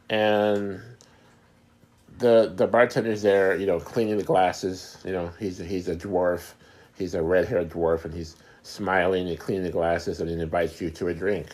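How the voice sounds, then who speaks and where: A middle-aged man hosting a casual talk, explaining things in an unhurried way, often searching for words and repeating himself. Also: low-pitched, darkish tone. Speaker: host.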